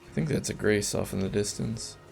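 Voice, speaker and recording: A man's voice: lowish voice, fairly quick, vocal fry, darkish tone, soft background music. A man giving casual, rambling commentary while playing a video game, with chatty asides and frequent restarts. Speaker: let's play gamer.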